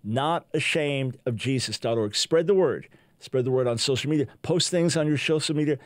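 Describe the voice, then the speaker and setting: A man's voice: medium pitch, moderate pace, no room sound, clean studio sound. An older American man hosting a Christian talk show, preaching fervently and reading a testimony aloud with emphasis. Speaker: radio show host.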